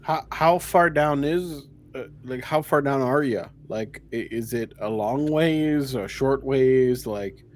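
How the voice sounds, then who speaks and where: A man's voice: mid-range voice, takes it slowly, darkish tone. Rambling male tabletop player. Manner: rambling, wordy questions. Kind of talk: casual tabletop play.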